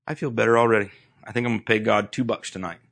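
A man's voice: lowish voice, steady tone, very fast, vocal fry, a bit bright. A male pastor preaching a sermon, telling a personal story with dramatic swings, then leading a fervent prayer full of repeated words. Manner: repeats words when building intensity.

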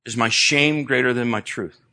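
A man preaching from the pulpit with a bright, forceful voice at a middle pitch. He tells stories with sudden rises in pitch and volume. He leads prayer with repeated, building phrases. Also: moderate pace, gravelly. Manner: storytelling, dramatic swings in pitch and loudness; repeats words when building intensity. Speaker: pastor. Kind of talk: sermon with prayer.

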